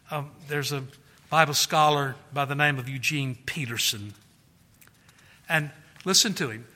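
A man's voice: medium pitch, bright, forceful tone, husky, long reverb tail. A man preaching a sermon in an earnest way, often repeating words and raising his voice to act out quotes. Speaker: pastor.

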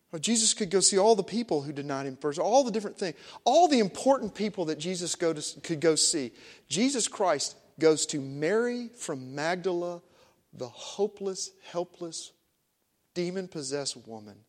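A man preaching a sermon, telling a story with a voice that swings from hushed to emphatic. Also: a little high. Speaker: pastor. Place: church sanctuary.

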